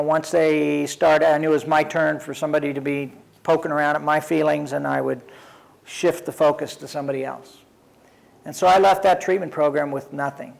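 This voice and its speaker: A man's voice: on the high side, creaky, rough recording. An older man, an addiction counselor, telling his own recovery story in a wry, self-deprecating, conversational way. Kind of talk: personal storytelling.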